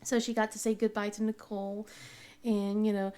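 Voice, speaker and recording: A woman's voice: medium pitch, little pitch movement, normal speed, dark tone, slight background noise. A woman in her thirties hosting a craft channel, telling a family story in a rambling, casual way with lots of fillers and restarts, often laughing as she goes.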